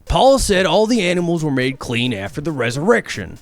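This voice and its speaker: A man's voice: a little high, big pitch swings, fairly quick, soft background music. A man giving a sarcastic, profane comedic rant, arguing back and forth with imagined hecklers and building to heated indignation. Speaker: political comedy essayist.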